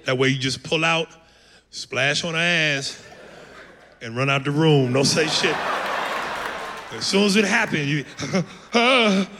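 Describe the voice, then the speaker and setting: Higher-voiced guy doing crude stand-up, echoey venue, lots of audience noise behind. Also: unhurried, pauses often, pushed and bright. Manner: crude, blunt punchlines. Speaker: stand-up comedian. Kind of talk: stand-up comedy set.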